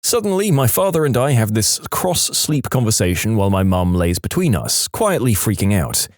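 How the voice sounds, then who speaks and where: Lively man narrating odd stories. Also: fairly low pitch, normal speed, no room sound, studio quality. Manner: expressive storytelling with playful acted quotes. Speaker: storytelling channel narrator. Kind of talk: reading submitted stories aloud.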